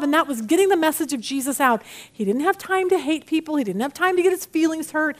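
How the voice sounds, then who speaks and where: A woman teaching a Bible study lesson in a chatty, animated way, acting out the people she quotes. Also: sits high, quick pace.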